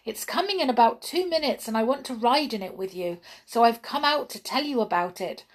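A woman voicing an excited little girl fairy princess, chattering breathlessly in a storybook reading. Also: sits high, unhurried, pitched above the performer's own voice.

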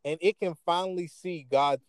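A man's voice: on the high side, normal speed, smooth, no echo. A man hosting a faith talk show, speaking earnestly in a sermon-like way. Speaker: host. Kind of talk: preaching-style talk.

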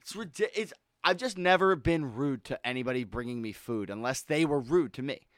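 A man's voice: mid-range voice, lively intonation, brisk, no room sound, studio quality. A young man co-hosting a podcast, reacting bluntly and swearing in casual chat. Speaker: podcast co-host.

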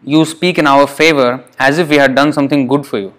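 A man's voice: mid-range voice, steady tone, a little fast, fairly bright tone. Man reading and expounding scripture. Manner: reads passages then explains them with rhetorical questions and laughs; frequent fillers and restarts, emphatic. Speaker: scripture teacher. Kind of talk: scripture reading with sermon commentary.

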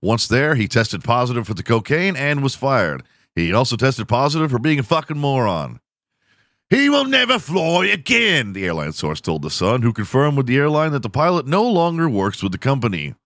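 A man's voice: medium pitch, big pitch swings, brisk, dry recording, clean studio sound. A man in his forties from Houston, Texas, hosting a podcast and retelling news stories with profane, mocking comedy. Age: 40s. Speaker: podcast host. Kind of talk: comedic storytelling.

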